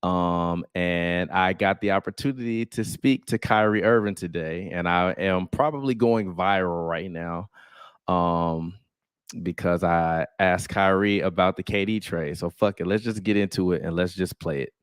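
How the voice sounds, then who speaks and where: Deep-voiced blunt male sports host. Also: measured pace, clear, resonant tone, no room sound, clean studio sound. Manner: candid, blunt, defensive, with frequent filler ums. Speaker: sports reporter and show host. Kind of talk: casual commentary to camera.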